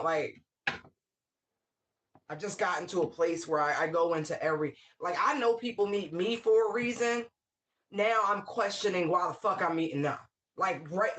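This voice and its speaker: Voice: medium pitch, a bit bright. A tarot reader giving a casual spiritual reading, talking candidly with frequent profanity, wry asides and bursts of laughter. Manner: laughs often mid-sentence.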